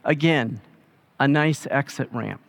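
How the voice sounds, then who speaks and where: A man preaching a sermon in a relaxed, conversational way, retelling scripture in everyday speech. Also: mid-range voice, slow pace, gravelly. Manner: casual storytelling, paraphrasing scripture in everyday speech. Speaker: pastor.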